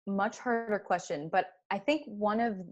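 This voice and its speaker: A woman's voice: mid-range voice, normal speed. A young adult woman, a guest actor and director, chatting casually on a podcast, laughing often and using many fillers.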